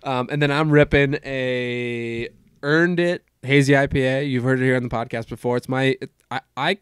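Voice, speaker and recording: A young man hosting a podcast in casual chat, relaxed and quick to laugh, often restarting his sentences. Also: medium pitch, smooth, no echo, studio quality. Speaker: podcast host.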